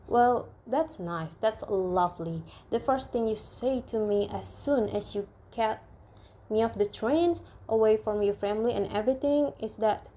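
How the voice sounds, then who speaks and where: A woman's voice: on the high side, a little slow, dark tone. A woman voicing a touchy young newlywed bride who keeps picking a quarrel, in an insistent, reproachful way. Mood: sarcastic.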